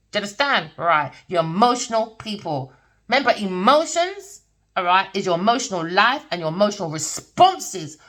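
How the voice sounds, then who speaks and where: Animated woman rambling about spirit. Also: fairly high pitch. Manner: rambling, blunt, swears freely; preachy, keeps asking if you understand. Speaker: tarot reader. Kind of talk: casual spiritual monologue.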